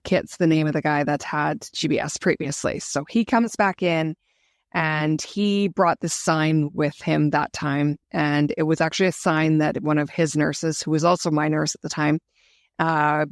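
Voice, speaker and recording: A woman's voice: sits low, no echo, studio quality. A woman guest telling her own story in an interview, earnest and reflective. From Canada. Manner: earnest, emotional, reflective retelling.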